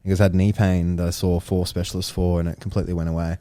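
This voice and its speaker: Deep, dark-voiced man. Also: little pitch movement, no room sound. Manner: storytelling, swears freely, quick asides. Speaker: podcast co-host. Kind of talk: casual chat.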